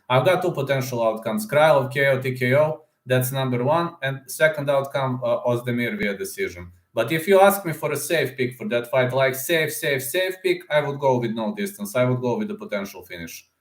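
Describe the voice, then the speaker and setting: A man hosting a casual livestream, chatting with viewers, speaking as a with lots of fillers. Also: mid-range voice. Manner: chatty, many fillers and "man", reads chat aloud. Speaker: livestream host making fight predictions. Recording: roomy echo.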